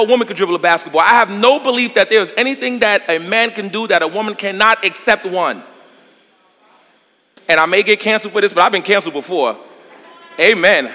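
A man's voice: high-pitched, sharp tone, big-room sound. A male pastor preaching a sermon, with emphatic delivery and call-and-response to the congregation.

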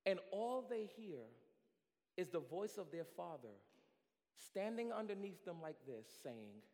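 Male preacher, high-pitched, bright tone, big hall echo, shouting sermon style. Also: animated, measured pace. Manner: preaching with rising shouts and repetition. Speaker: pastor.

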